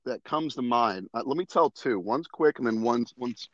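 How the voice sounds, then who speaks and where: A young man chatting on a podcast, animated and quick to laugh as he tells a story. His voice sits at a middling pitch, recorded close and dry with a slightly dull, muffled tone. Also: no echo. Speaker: podcast guest. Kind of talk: casual podcast chat.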